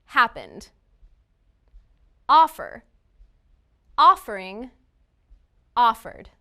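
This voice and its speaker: Female English teacher, slow and bright, reads a scripted lesson with deliberate word drills. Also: a little high.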